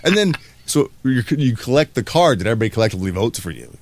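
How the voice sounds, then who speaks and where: A man's voice: mid-range voice, fast talker, no room sound. A middle-aged man hosting a radio show, telling a family story with lots of laughter. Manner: animated storyteller, laughs a lot. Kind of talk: morning radio banter.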